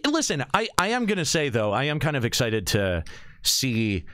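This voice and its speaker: Lively joking man hosting a podcast. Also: medium pitch, moderate pace, no echo, clean studio sound. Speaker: podcast host. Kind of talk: casual chat.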